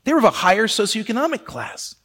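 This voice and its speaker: A man preaching a sermon in a lively, conversational way, often slipping into quoted voices. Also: high voice, fast, in a large hall.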